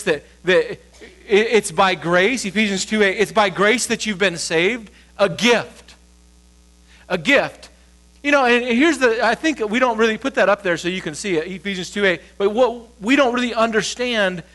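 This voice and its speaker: A man in his thirties preaches in church with a high voice. His delivery is casual and conversational, and he throws questions out to the congregation before answering them himself. A faint mains hum sits under the recording. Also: normal speed, low-quality recording. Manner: rises high and loud when acting out lines. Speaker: pastor. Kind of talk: sermon.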